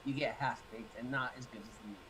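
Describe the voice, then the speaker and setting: A man's voice: mid-range voice, fairly even intonation, fast, pushed and bright, slight background noise, low-quality recording. A man co-hosting a casual podcast and reading the chat. He jokes around and laughs often.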